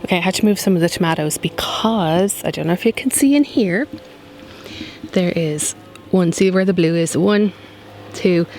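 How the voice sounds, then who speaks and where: A woman's voice: lowish voice, normal speed, a little mellow, soft background music, rough recording. A woman chats to camera in a rambling way as she works in her back garden, with many fillers. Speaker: gardening vlogger. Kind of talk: casual chat to camera. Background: faint outdoor noise.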